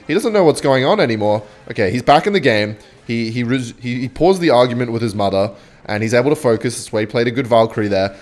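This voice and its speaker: Excitable man doing mock play-by-play. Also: mid-range voice, fast. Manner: excitable, mock-sportscaster, teasing. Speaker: gaming video creator. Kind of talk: joking play-by-play game commentary.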